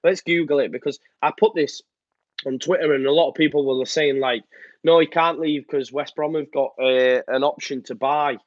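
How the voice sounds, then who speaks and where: A man's voice: a little high, fairly even intonation, moderate pace, no echo. A man hosting a live fan show, chatting casually, reading out viewer comments and rambling with lots of ums. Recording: slightly muffled dry sound.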